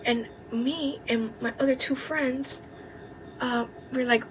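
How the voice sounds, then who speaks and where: A young woman telling a college story in a candid, indignant way, with plenty of swearing and quick asides. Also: high-pitched, steady tone, slight background noise, low-quality recording. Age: young adult. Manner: indignant, venting. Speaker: vlogger. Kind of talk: casual storytime chat.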